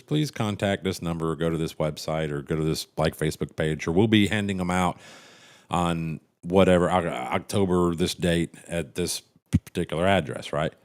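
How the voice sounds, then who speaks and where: A middle-aged man hosting a casual livestream, rambling and cynical, swearing freely and restarting his sentences as he reads chat. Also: deep voice. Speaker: livestream host reading chat.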